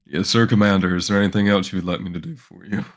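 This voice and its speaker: A man's voice: deep voice, fairly even intonation, fast talker, dry recording, studio quality, voice pushed down. A man voicing a formal, deferential male soldier answering his commander. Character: stiff, dutiful male soldier addressing a superior.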